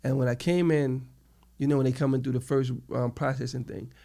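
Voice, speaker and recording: Gravelly middle-aged New York man. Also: medium pitch, a little fast. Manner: animated storytelling, acts out quoted people. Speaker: interview guest. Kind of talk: casual storytelling interview.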